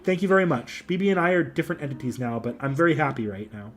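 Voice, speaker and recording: A man voicing a polite young female AI girl who speaks softly and earnestly while he plays a game. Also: medium pitch, lively intonation, fast, natural voice. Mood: earnest pleading.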